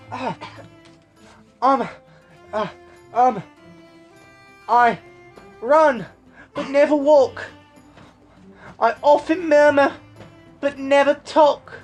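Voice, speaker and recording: A woman's voice: high-pitched, very slow, long pauses, a little mellow, faint music behind. A woman voicing a timid, whiny young boy who is a prince.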